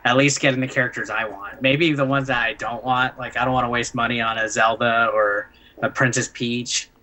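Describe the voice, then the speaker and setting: A man co-hosting a casual gaming chat, talking in halting, filler-heavy bursts. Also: mid-range voice, fairly even intonation, pushed and bright, poor audio. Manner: hesitant, lots of fillers and restarts. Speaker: co-host.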